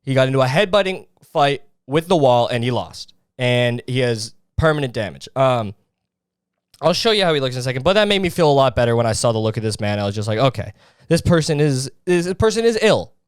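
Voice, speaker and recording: A man's voice: medium pitch, expressive, quick pace, smooth, dry recording, clean studio sound. A man hosting a podcast, ranting in a crude, sarcastic and mocking way. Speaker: podcast host. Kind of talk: casual podcast rant.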